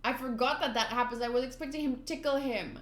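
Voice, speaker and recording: A woman's voice: high-pitched, quick pace. A woman reading a manga aloud in a casual, chatty way, thinking aloud and giggling at the panels. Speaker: manga reader. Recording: echoey room.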